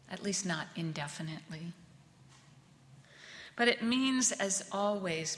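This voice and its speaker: A woman minister giving a reflective sermon, speaking gently and letting words trail off softly. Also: fairly low pitch. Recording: long reverb of a large hall.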